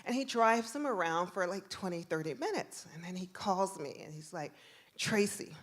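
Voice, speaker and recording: Animated woman telling a story on stage. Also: on the low side, moderate pace. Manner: animated, laughing, acts out the voices. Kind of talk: live storytelling performance. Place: stage at a live venue.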